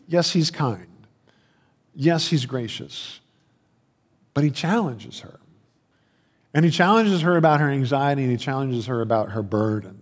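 A male pastor giving a conversational sermon, telling stories and often restarting or repeating his words. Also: fairly high pitch. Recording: long hall reverb.

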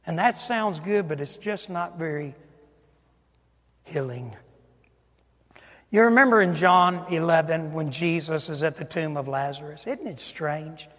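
An older male pastor with a high-pitched voice preaches a sermon. He swings between loud, booming emphasis and quiet, almost whispered asides. The sound rings with the long reverb of a large church hall. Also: a little slow, long pauses. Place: church sanctuary.

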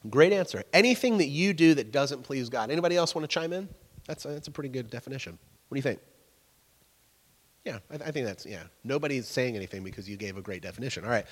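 A man's voice: mid-range voice, expressive, fast. A young man preaching a sermon as pastor, telling stories in a casual, self-deprecating way and asking the congregation questions. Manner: conversational storytelling, self-deprecating. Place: church hall. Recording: long reverb of a church hall.

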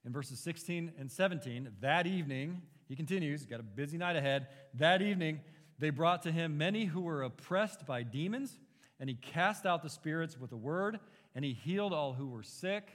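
A man's voice: on the high side, animated, normal speed, fairly bright tone, in a large hall. A man preaching an expository sermon as a pastor, earnest and emphatic, pushing his rhetorical questions upward.

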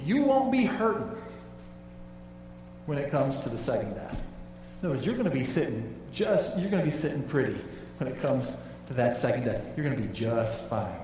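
Pastor preaching in an echoey hall. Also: male voice, recorded from a distance, slight background noise. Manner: emphatic, drops low and quiet on key phrases. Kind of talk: sermon.

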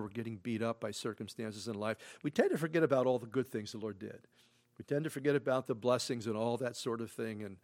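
A middle-aged man preaching a sermon as pastor, talking conversationally with many asides, shifting from hushed tones to loud emphatic bursts. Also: mid-range voice. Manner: conversational, repeats himself, frequent "you know". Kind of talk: expository sermon.

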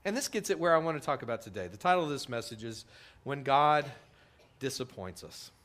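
This middle-aged pastor preaches at a brisk pace and with plenty of animation. He dramatizes the quotes he uses, his voice rising and falling sharply in pitch and loudness.

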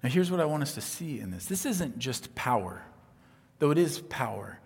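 A man preaching a sermon as pastor, earnest and emphatic, dropping to a hush on key points. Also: mid-range voice, sing-song, normal speed, vocal fry, husky, long reverb tail.

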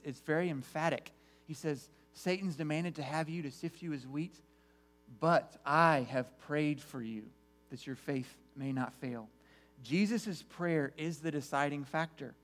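An earnest man preaching in a church, his voice sitting at an ordinary middle pitch. He often restarts phrases and repeats words as he builds his point. Soft music plays faintly behind him. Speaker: pastor. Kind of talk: sermon.

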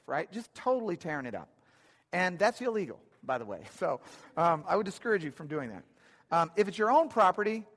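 Male pastor, slightly higher voice, chatty storytelling sermon with dry wit. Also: a bit bright. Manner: conversational storytelling, dry humor. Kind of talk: sermon with personal stories. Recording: long hall reverb.

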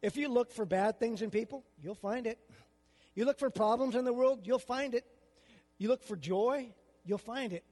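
High-pitched older pastor in a hall. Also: male voice, moderate pace, darkish tone. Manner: conversational preaching, rhetorical questions. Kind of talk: sermon.

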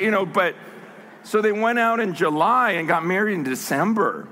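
Gravelly, high-voiced older male preacher. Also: normal speed, slight background noise. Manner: storytelling, animated, bursts into emphatic shouts. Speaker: pastor. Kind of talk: sermon.

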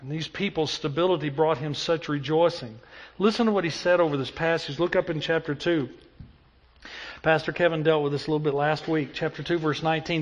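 A man's voice: a little high, fairly even intonation, fairly quick. A man preaching a sermon as pastor, telling stories and building to impassioned emphasis.

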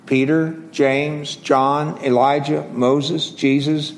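A man preaching a sermon in a conversational, halting way, with frequent pauses and restarts, slowing down to stress scripture phrases. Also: medium pitch, a bit bright.

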